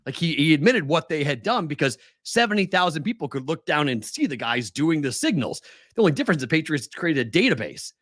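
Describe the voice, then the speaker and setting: A man's voice: fairly high pitch, sing-song, brisk, fairly bright tone, no room sound, studio quality. A man co-hosting a casual sports podcast, telling a long story with lots of restarts and short laughs. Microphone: remote video call.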